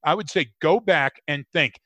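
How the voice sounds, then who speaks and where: A man co-hosting a casual podcast, talking in an animated, joking way that rambles with frequent restarts. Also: fairly high pitch, normal speed, no room sound. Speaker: podcast co-host.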